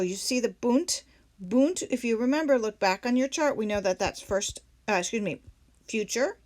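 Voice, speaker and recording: A woman's voice: on the high side, a little mellow. Woman teaching Latin step by step. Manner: patient, step-by-step, asks questions then answers them. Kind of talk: classroom lesson walkthrough.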